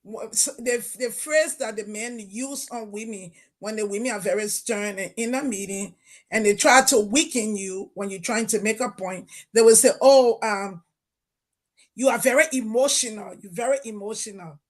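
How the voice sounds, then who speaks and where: A Liberian woman making her point on a panel, firm and emphatic. She speaks over a remote call line that keeps dropping in and out. Her voice sits at an ordinary pitch. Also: normal speed. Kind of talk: livestream panel discussion. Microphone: remote call connection cutting in and out.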